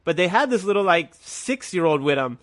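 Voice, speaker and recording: A man's voice: high-pitched, lively intonation, fairly quick, no echo, studio quality. A man guest with a stuffy nose, telling a loose, rambling story in casual talk.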